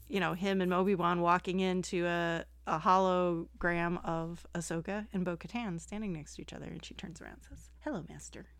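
A middle-aged woman co-hosting a podcast in a chatty, animated way, quick to joke. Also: fairly low pitch, clear, resonant tone, no room sound. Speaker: podcast co-host. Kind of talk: casual chat.

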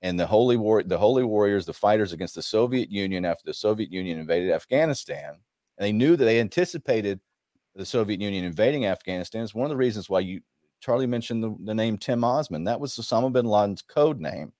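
A man in his forties hosting a conversational panel discussion, talking in a halting way with frequent restarts and stumbles. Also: fairly low pitch, lively intonation, mellow, no room sound, studio quality. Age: 40s.

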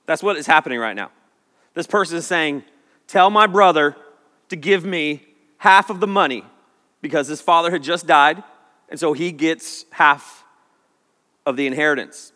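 A bright-toned man preaches a lively, comic youth sermon. His voice rings out with a long hall reverb from the church sanctuary, and he keeps slipping into playful acted voices. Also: fairly high pitch, moderate pace, long pauses. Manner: animated, jokey, acts out little voices. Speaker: youth pastor.

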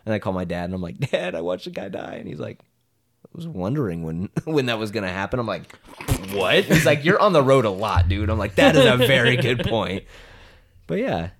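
Low-voiced young man telling rambling stories. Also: sing-song, fairly quick, fairly bright tone. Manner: rambling anecdotes full of "like", laughing often. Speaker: podcast co-host. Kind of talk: casual chat, storytelling.

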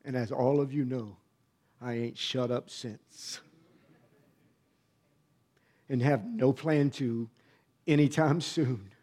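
A middle-aged man, a pastor, preaching a personal testimony in a conversational storytelling way, dropping to a hush and then rising to emphatic bursts. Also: mid-range voice, fairly even intonation, slow. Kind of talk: sermon testimony.

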